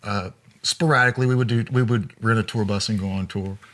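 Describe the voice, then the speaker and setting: A man, a former road manager, telling road anecdotes in a relaxed interview with frequent chuckles. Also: lowish voice, a little fast. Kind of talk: storytelling interview.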